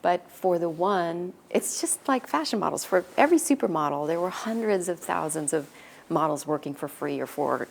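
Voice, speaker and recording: A woman's voice: fairly low pitch, lively intonation, moderate pace, creaky, slight background noise. A woman academic explaining her research in a thoughtful, explanatory way during an interview. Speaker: fashion academic. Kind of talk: interview answers.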